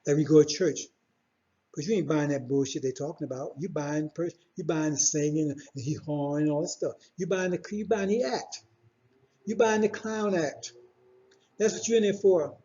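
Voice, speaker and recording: High-voiced preacher man, dull recording. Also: mellow. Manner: preachy, repetitive, confrontational, rhetorical questions. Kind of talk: sermon.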